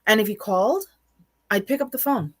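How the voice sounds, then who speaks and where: A woman's voice: medium pitch, animated, brisk. A woman in her forties talking openly and emotionally in a casual podcast chat, often restarting and repeating words. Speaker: co-host.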